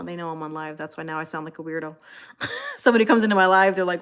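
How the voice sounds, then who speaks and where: This tarot reader hosts a livestream, chatting casually with live viewers, thanking them by name and talking to her cats between comments. She talks fast in a lowish, level voice that is a bit bright and clean.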